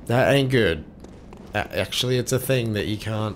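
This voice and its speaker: A man doing let's play commentary on a game. He cusses at enemies and swings between loud outbursts and low muttering. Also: normal speed, background noise. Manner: swears and curses at enemies. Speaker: gameplay commentator.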